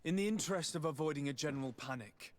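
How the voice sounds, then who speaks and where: A man's voice: fairly high pitch, quick pace, slight background noise, lightly acted. A man voicing a cool, commanding nobleman in a video game, questioning a soldier. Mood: interrogating. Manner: cool, interrogating. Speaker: game character.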